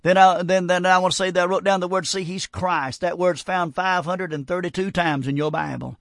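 Fervent high-voiced Southern preacher. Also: male voice, steady tone, brisk, creaky, fairly bright tone, dry recording, clean studio sound. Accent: Southern American. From North Carolina. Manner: fervent, repetitive preaching with stammered restarts. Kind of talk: radio sermon.

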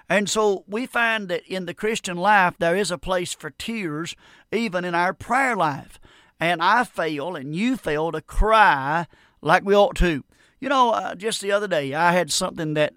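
Brief: middle-aged American radio preacher, earnest, pleading, stumbling restarts; slightly high voice, dead-dry studio sound. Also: male voice, fairly bright tone, smooth, dry recording. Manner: earnest, repeats words and restarts, pleading questions. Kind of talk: radio sermon.

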